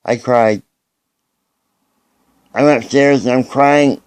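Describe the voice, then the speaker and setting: An earnest man speaks in a personal video message, halting and often starting his thoughts over. His voice is smooth and clear at a middle pitch, and it sounds close and dry. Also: darkish tone, no room sound. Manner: earnest, halting, with frequent restarts.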